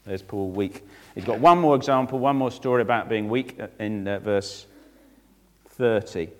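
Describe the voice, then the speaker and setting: A man's voice: fairly low pitch, normal speed, big-room sound. A man, a vicar, preaching a sermon with rhetorical questions and direct asides to children.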